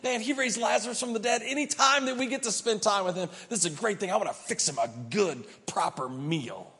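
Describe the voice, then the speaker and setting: A man preacher voicing an irritated, overworked woman host, raising his voice high and pleading. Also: big pitch swings, normal speed, fairly bright tone. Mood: excited. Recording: reverberant church hall.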